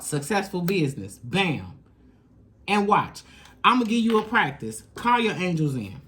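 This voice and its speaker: A woman giving a casual tarot reading, talking straight to the viewer in emphatic, slangy, profane bursts that jump from loud and high to low and quiet. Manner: emphatic, slangy and profane, coaching the listener directly. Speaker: tarot reader.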